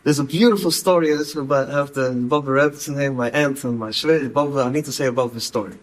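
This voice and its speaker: A man's voice: medium pitch, quick pace, rough recording. A man, telling stories in a talk and repeating words for emphasis. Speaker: speaker. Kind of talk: storytelling talk.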